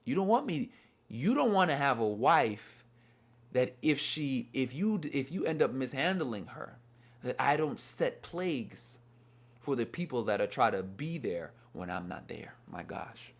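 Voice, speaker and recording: A man's voice: mid-range voice, big pitch swings, unhurried. A young man giving a casual, earnest Bible lesson, rambling and repeating "you know what I mean.". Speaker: Bible study teacher. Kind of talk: casual devotional talk.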